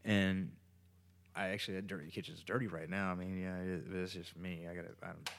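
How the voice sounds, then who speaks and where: Man, low-pitched, gravelly, casual profane storytelling, rambling with restarts, home kitchen. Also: level tone, brisk, fairly bright tone.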